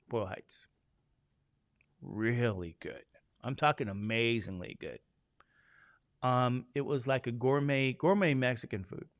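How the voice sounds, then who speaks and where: Casual male instructor, gravelly, dry close sound, joking storyteller. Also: medium pitch, fairly bright tone, no room sound. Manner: chatty, joking storyteller, acts out quoted voices. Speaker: statistics instructor. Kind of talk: casual chat with a class.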